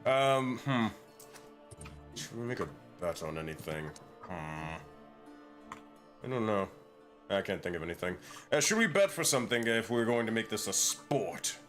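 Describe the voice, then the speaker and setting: Lively-voiced man joking at the game table. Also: on the low side, a little slow, long pauses, soft background music. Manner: loose, joking, swears freely. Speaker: player. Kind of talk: casual tabletop game chat.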